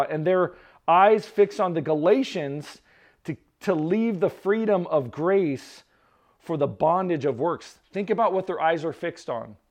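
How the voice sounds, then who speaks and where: A male pastor with a high, slightly mellow voice preaches a sermon in a conversational style. He keeps checking in with "right?" after his points and tosses in joking asides.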